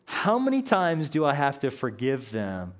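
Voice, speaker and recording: A man's voice: mid-range voice, wildly swooping pitch, measured pace. A man preaching a sermon, telling a parable in an earnest, storytelling way with frequent restarts. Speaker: pastor.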